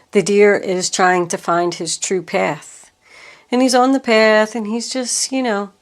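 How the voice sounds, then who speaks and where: A woman giving a tarot reading to camera, slow and reassuring as she talks through the cards. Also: mid-range voice. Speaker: tarot reader.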